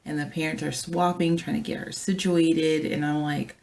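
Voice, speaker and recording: A flight attendant, a woman, telling a story from work in a chatty, animated way and talking straight to her viewers. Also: low-pitched, moderate pace, creaky. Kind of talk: casual storytelling vlog.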